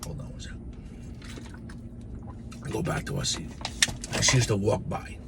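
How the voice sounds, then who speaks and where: A man in his sixties casually telling childhood stories to camera in an animated, profane, rambling way. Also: fairly low pitch, normal speed, gravelly, very noisy. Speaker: storyteller.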